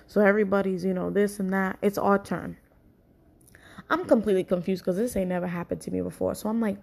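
Husky, fast-talking young woman telling a story. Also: medium pitch, fairly even intonation, warm tone. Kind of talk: casual storytime.

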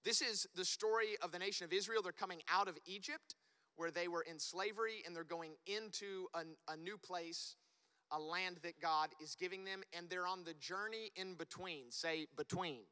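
Male pastor, high and very bright voice, preaching in a hall with a long reverb. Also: normal speed, clean tone. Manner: animated, building to loud emphatic peaks. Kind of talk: sermon.

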